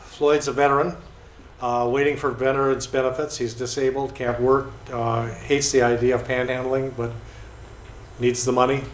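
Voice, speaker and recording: A man's voice: mid-range voice, level tone, moderate pace. Guy rambling thru stories, lots of ums and restarts, kinda echoey room w faint hiss. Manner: hesitant, many fillers and restarts. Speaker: photographer telling stories. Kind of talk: casual storytelling.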